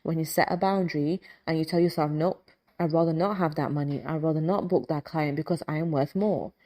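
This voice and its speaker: A woman hosting a faith-based motivational talk, animated and casual, often acting out inner dialogue. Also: sits low, brisk. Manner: casual, repetitive affirming delivery. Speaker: host, hypnotist and life coach.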